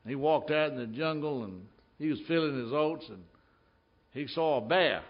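A man's voice: fairly high pitch, expressive, normal speed, muffled recording. A man preaching a sermon in a church, telling stories emphatically and acting out the scenes. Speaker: pastor.

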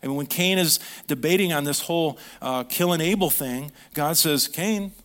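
A man preaching a sermon as a pastor. He tells stories in a conversational way, asks the audience questions and drops to a hushed tone on key points. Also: on the high side, normal speed.

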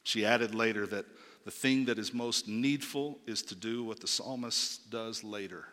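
A man preaching a sermon, emphatic, swinging from loud declarations to hushed asides and asking rhetorical questions. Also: lowish voice, a little slow, in a large hall.

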